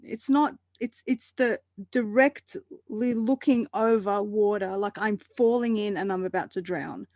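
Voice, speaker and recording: A woman guest in a casual roundtable chat, animated and quick to laugh, often restarting her sentences. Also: on the high side, dry recording, clean studio sound.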